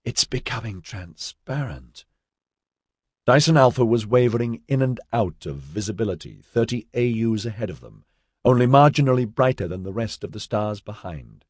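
A man narrating an audiobook in a measured storytelling manner, voicing all the characters. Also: mid-range voice, animated, dry recording, clean studio sound. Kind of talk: scripted narration.

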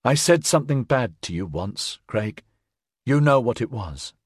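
A man voicing an earnest, determined woman who pleads softly and persuasively, in an audiobook. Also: mid-range voice, expressive, a little slow, slightly rough, dry recording, clean studio sound. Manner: earnest, persuasive, soft-spoken.

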